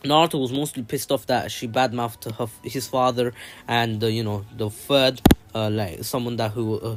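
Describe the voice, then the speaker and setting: A man's voice: mid-range voice, fairly bright tone. Rambling casual anime storyteller, man. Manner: rambling, filler-heavy, loose retelling. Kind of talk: casual anime plot retelling.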